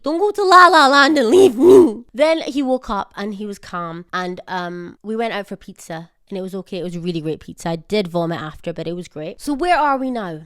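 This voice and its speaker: A young woman vlogger telling a storytime, animated and dramatic, with playful slang. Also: medium pitch. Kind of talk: storytime vlog.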